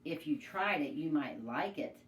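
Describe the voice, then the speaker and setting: A woman's voice: sits low, moderate pace, far from the mic, natural voice. A woman reading aloud as an enthusiastic mother, a drama teacher who lectures and gets exasperated. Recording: echoey room, away from mic, faint noise.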